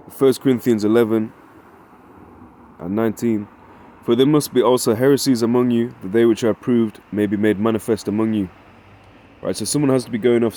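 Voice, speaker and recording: In a mellow, medium-pitched voice, a Bible teacher holds a laid-back study session. He talks conversationally, frequently asks "right?", and reads scripture aloud in old-fashioned wording.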